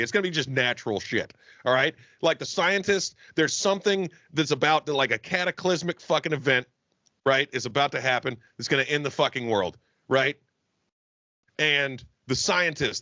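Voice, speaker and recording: A young man co-hosting a comedy podcast, telling a long profane bit in a rambling, animated way. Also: medium pitch, normal speed, dry recording, lo-fi sound. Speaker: podcast co-host. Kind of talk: casual comedic chat.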